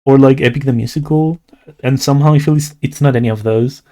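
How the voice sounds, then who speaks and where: A man's voice: mid-range voice, fast, warm tone. Playful rambling man, Latin American Spanish accent. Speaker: streamer and artist. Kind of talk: casual livestream chat while drawing.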